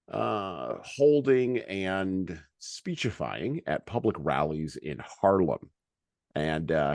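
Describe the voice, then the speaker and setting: Male podcast co-host, deep voice, dry close sound, reads quotes with rising force, stumbles in his own commentary. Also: no echo. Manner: halting with many fillers in commentary, more forceful when quoting. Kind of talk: reading speech excerpts aloud with commentary.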